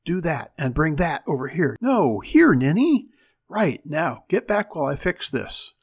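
A fierce little girl bosses everyone in a high, breathless rush, as a male storyteller puts her on. She is loud, sure of herself, and swings her pitch widely. Underneath, a slight gravelly rasp stays in the voice. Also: animated, moderate pace. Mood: bossy. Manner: breathless, commanding, high and eager. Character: bossy loud seven-year-old girl.

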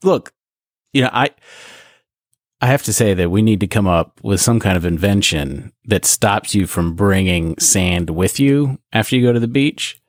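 Animated man ranting in podcast chat. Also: on the low side, moderate pace, no echo, studio quality. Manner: animated, emphatic, swears casually. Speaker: podcast co-host. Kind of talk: casual chat.

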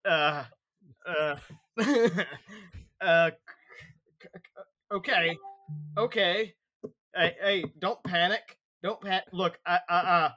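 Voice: medium pitch, takes it slowly, long pauses, sharp tone. A player speaking in character in a tabletop game, wry and stammering.

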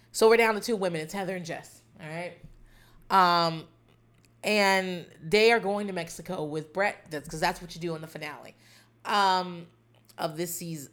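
A woman hosting a podcast who recaps a reality dating show in a rambling, wry, profane casual chat. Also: fairly low pitch.

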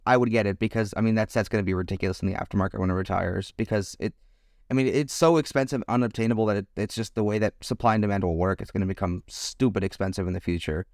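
A man's voice: on the low side, a little mellow, dry recording, clean studio sound. A man co-hosting a podcast in casual chat, rambling and hedging his opinions with many restarts. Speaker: podcast co-host.

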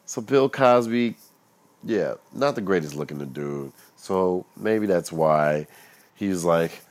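A young man with a deep voice rambles through a solo monologue at an unhurried, drawling pace. He is loose and profane and drops into low mutters between louder bursts. Casual and unscripted throughout. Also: animated. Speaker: solo commentator.

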